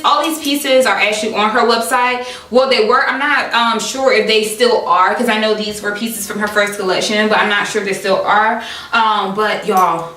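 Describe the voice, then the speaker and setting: Gushing over clothes she's unboxing, a young woman vlogging about fashion addresses her audience as "y'all" in a dramatic, excited way. The mic sits far off, picking up echo and faint noise around her bright, pushed, mid-range voice.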